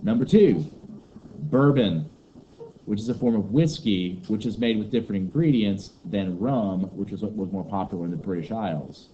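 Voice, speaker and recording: Brief: low, mellow-voiced teacher, joking lecture, muffled classroom recording with faint hiss. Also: male voice, animated, moderate pace. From Kentucky, USA. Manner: joking, rambling teacher banter.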